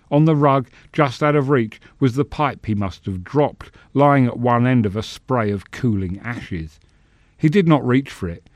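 A man reads a fantasy tale in measured, expressive narration with a middle-pitched voice. The sound is dry and close, with no room around it. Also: no echo. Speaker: story narrator. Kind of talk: scripted narration.

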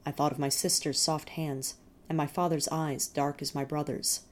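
A woman reading first-person fiction in a measured, steady storytelling manner. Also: low voice. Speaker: narrator.

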